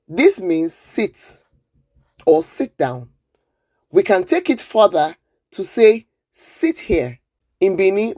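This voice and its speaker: A woman teaching simple words in a clear lesson, patient and encouraging as she has learners repeat after her. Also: mid-range voice, darkish tone, no echo, clean studio sound. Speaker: language teacher.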